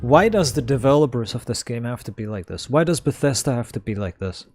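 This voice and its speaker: A man's voice: mid-range voice, animated, brisk, a little mellow. Exasperated man ranting over gameplay. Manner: exasperated, repetitive ranting with heavy swearing; stammers and repeats himself. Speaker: gameplay streamer. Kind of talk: live gameplay commentary.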